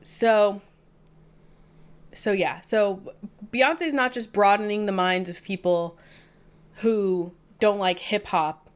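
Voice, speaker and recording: A woman's voice: mid-range voice, slow pace, pauses often, clear, resonant tone. Playful woman co-host, Southern-raised. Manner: playful, joking, self-mocking. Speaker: podcast co-host. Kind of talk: casual chat.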